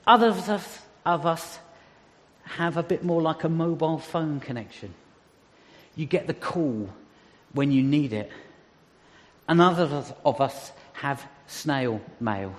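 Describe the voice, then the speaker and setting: Middle-aged male preacher, high voice, chatty with light jokes, long hall reverb. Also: animated, slow pace. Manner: conversational with humorous asides. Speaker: church speaker. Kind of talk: sermon.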